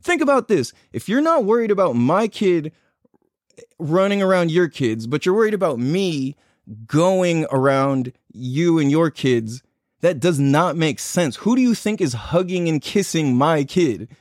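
A man's voice: fairly high pitch, animated, unhurried, dry recording, studio quality. A young man hosting a podcast, telling a story in a heated, profane rant while laughing at himself. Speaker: podcast host. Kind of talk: casual ranting story. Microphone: live stream on a phone.

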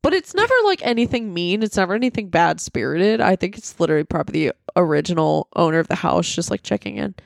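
A woman's voice: lowish voice, expressive, fast talker, gravelly, few pauses, no room sound, clean studio sound. A young woman co-hosting a podcast at home, telling a story casually, swearing freely and losing her place. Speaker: podcast co-host.

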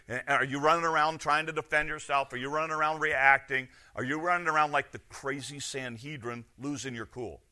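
A man preaching a sermon, firing off rhetorical questions and swinging between loud and hushed. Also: mid-range voice. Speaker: pastor.

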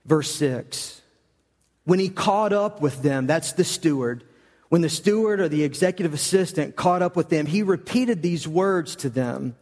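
A man preaching a sermon, telling a Bible story in an animated way with frequent stammered repeats. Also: a little high, a little slow. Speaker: pastor. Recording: echoey hall with long reverb.

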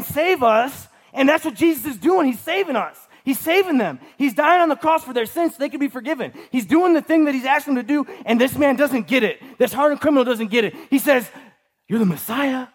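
A man's voice: very high-pitched, animated, a little fast. A man preaching a sermon in an emphatic way, repeating key lines and tossing in rhetorical asides to the congregation. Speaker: pastor.

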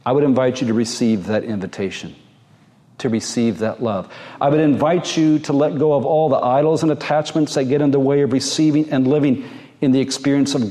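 A man, a pastor, preaching a sermon in a slow, gentle and earnest way, with drawn-out pauses. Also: medium pitch.

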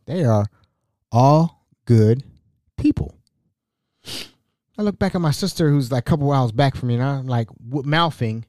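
Animated man telling family stories. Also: medium pitch, a little slow, long pauses, no room sound, studio quality. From Ohio. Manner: animated, laughs while telling family stories, mimics relatives. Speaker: podcast host. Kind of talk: casual storytelling monologue.

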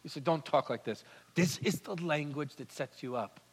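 A man preaching a sermon, swinging between loud declarations and soft, intimate murmuring. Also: fairly high pitch, normal speed, slightly rough. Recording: hall reverb.

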